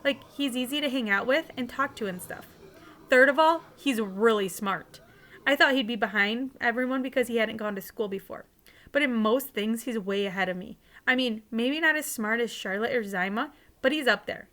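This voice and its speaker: Bright-voiced woman reading a novel aloud. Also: a little high, normal speed. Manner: casual, conversational reading with a few restarts.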